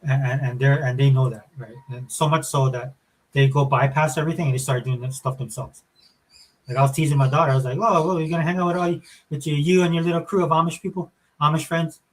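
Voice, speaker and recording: Fast-talking, husky middle-aged man chatting. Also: fairly high pitch, poor audio. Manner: rambling, animated storyteller with many fillers. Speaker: podcast co-host. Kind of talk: casual chat.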